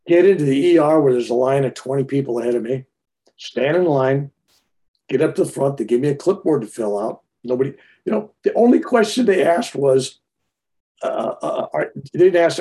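A man in his seventies telling a personal story in a rambling, animated way, often restarting his sentences. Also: mid-range voice, brisk. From United States.

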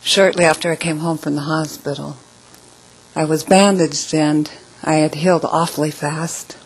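A middle-aged woman telling her own story in an emotional personal testimony, often dropping to a soft hush. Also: sits low, fairly even intonation, moderate pace, husky, low-quality recording.

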